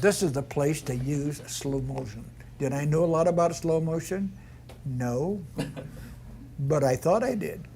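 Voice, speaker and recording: An older man, a veteran stunt performer, telling lively anecdotes and acting out other people's lines, with frequent laughter. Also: on the high side, a little hiss or hum. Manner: animated yarn-spinner, mimics others in quotes, laughs often. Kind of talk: anecdotal storytelling.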